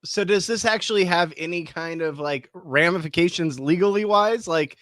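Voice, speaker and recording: A man's voice: sits high, moderate pace, fairly bright tone. A man hosting a casual livestream, reacting briefly and asking curious follow-up questions. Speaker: livestream host.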